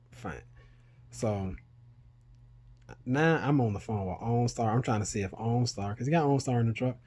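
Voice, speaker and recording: A middle-aged man recounts a story to his vlog viewers in a casual, animated way. He swears freely and keeps his pitch in an ordinary middle range. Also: moderate pace, long pauses. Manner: animated, swears freely, rises in pitch when retelling panic. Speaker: vlogger.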